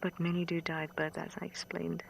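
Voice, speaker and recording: A woman working as a safari guide, giving soft, fond live wildlife commentary from a vehicle outdoors and often dropping to a whisper. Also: lowish voice, flat delivery, a little fast, gravelly, slight background noise, rough recording. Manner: soft and fond, drops to a whisper near the animals.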